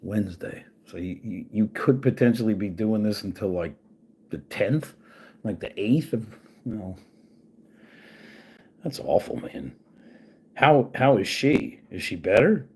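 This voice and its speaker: A man with a husky, slightly rough voice rants to his own audience, swearing freely and turning sarcastic. His pitch swings widely as he talks, rising sharply when he gets angry. He mutters asides while working at a computer. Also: expressive, measured pace, long pauses. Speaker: channel host. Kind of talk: casual rant to camera.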